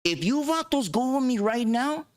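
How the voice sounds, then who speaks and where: A fiery middle-aged barrio street preacher, as a man puts him on, pitched well above his own voice. He preaches with urgency, coaxing and slangy, and his pitch leaps around with every line. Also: animated, normal speed.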